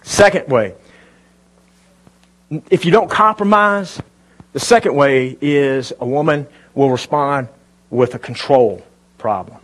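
Before a live congregation in church, a pastor preaches a sermon in a conversational way, putting questions to his listeners. His medium-pitched voice is a bit bright and he goes slowly, with long pauses.

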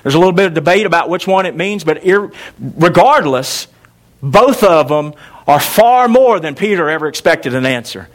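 Guy preaching a sermon, emphatic, repeats himself, um and uh, slightly high voice. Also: lively intonation, normal speed. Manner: emphatic preaching with repetition, fillers and self-corrections. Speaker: pastor.

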